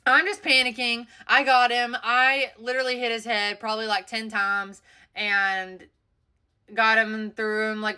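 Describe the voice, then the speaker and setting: A woman, shaken and a little breathless, telling a storytime in a casual, animated way full of fillers. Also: mid-range voice, smooth. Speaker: storyteller vlogger.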